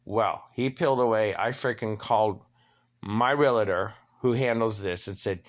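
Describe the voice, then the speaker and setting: A man's voice: lowish voice, a little slow. Indignant profane middle-aged man ranting. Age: 50s. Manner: profane, indignant storytelling that acts out both sides of a dispute. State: limping, needs knee replaced. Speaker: vlogger. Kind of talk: angry personal rant.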